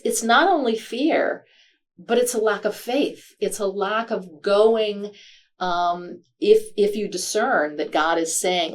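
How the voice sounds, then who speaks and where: A woman answering interview questions as a guest author. She speaks in a thoughtful, halting way, pausing often with fillers. Her voice sits at a middle pitch.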